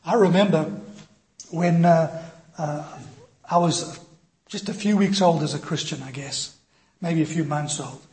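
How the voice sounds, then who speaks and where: A male pastor preaching a sermon, telling a personal story in an animated, self-deprecating way and acting out the voices in it. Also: fairly high pitch, unhurried, pauses often. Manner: animated, self-deprecating, acts out quoted dialogue. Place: church.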